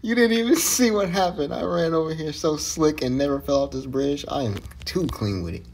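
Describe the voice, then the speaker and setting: A man chatting casually while playing a video game, excitable and profane, often yelling at other players. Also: on the high side, fairly quick, slight background noise. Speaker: gamer streaming with a friend. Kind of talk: casual gaming chat.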